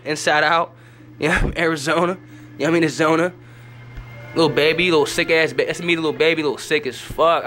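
A man's voice: a little high, sharp tone. A young man with a slightly raised voice, talking in hyper, rambling bursts full of slang and profanity. He films himself on a handheld camera, touring the rooms of his home. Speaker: vlogger giving a home tour. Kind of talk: casual rambling home tour. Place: indoors at home.

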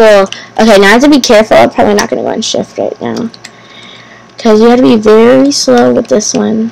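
A woman giving casual gameplay commentary as host of her channel, talking to herself nervously, repeating phrases and bursting into excited exclamations. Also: fairly high pitch, brisk, gravelly, rough recording. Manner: nervous, anxious self-talk, repeating phrases.

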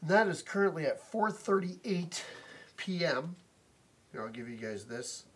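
A man's voice: on the high side, very animated, measured pace, fairly bright tone, breathy edge. A man ranting to camera from inside his house, indignant and repetitive, swearing often, recorded on a phone or camera mic. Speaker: vlogger complaining about a noisy neighbor. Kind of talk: angry profane rant to camera.

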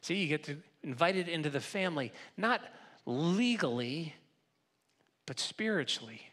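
Higher-voiced pastor preaching conversationally. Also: male voice, lively intonation, unhurried, fairly bright tone. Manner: conversational, repeats words while restarting, teasing the congregation. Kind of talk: sermon. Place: church sanctuary.

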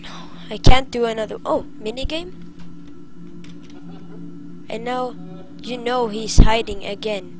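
This rough recording, with music in the background, features a woman whose voice is fairly high and unhurried, with frequent pauses. She comments on a horror game as she plays and cries out whenever a jump scare startles her.

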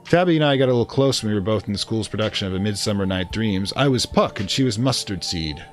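A man's voice: on the low side, animated, quick pace, faint music behind, lightly acted. A man doing a genteel, haughty older woman. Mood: fond. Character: prickly older woman, old rival of the aunt.

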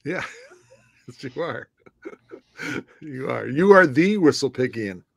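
A man's voice: mid-range voice, expressive, takes it slowly, creaky, husky, dry recording. A man co-hosting a drinks podcast, teasing and joking in loose banter. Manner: teasing, playful, mock-insulting. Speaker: co-host.

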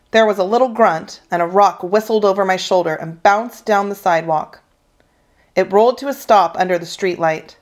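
A woman teacher reading a children's novel aloud with steady, expressive storytelling. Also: lowish voice, normal speed. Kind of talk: children's book read-aloud.

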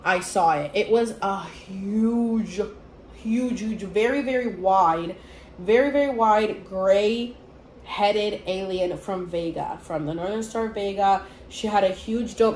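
A young woman telling a story in a casual vlog, rambling and animated with lots of fillers. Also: mid-range voice, a little hiss or hum. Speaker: vlogger. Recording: echoey room with faint ambience.

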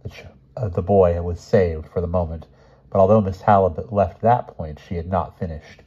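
A man reading a children's novel aloud in a calm, steady narration with small slips. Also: sits low, moderate pace, breathy edge, muffled recording. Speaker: audiobook reader.

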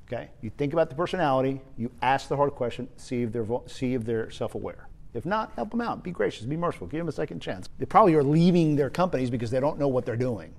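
A man giving a spoken leadership lesson, energetic and emphatic, often repeating his key points. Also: mid-range voice. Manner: energetic, emphatic, uses repetition. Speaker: leadership trainer.

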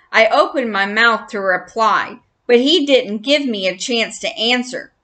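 Storyteller: woman reading a children's book, slow and bright, friendly. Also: fairly high pitch.

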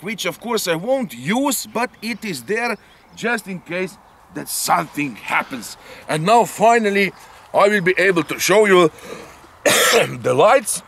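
In a grassy field outdoors, a high-voiced man who hosts an RC channel casually demonstrates his model plane. His delivery is pushed and bright, and he explains things step by step, ending sentences with "eh?"

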